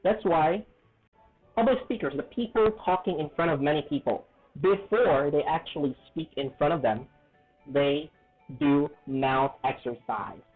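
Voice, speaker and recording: A man's voice: fairly high pitch, a little slow, faint music behind. A man teaching English in a casual video lesson, chatty and repetitive, often checking in with "okay?" and "right?". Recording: tinny phone-like sound.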